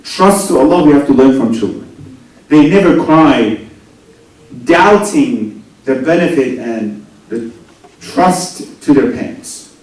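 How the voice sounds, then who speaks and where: A man preaching a sermon, swinging between loud rising lines and soft low asides, often asking the audience questions. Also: takes it slowly, long pauses. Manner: animated, rising and dropping to near whispers, asks the audience questions. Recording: very echoey hall, voice from a distance.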